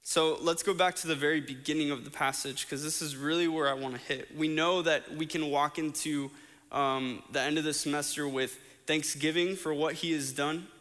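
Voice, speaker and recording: A man's voice: fairly high pitch, steady tone, normal speed, fairly bright tone. Earnest preaching man in a reverberant hall. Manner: earnest, conversational, with fillers and restarts. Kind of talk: sermon.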